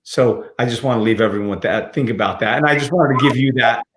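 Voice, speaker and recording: A man hosts a casual livestream chat in an upbeat, motivational way, often repeating his words as he talks. His voice sits at a middling pitch. The room around him is echoey. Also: quick pace, a bit bright. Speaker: podcast host.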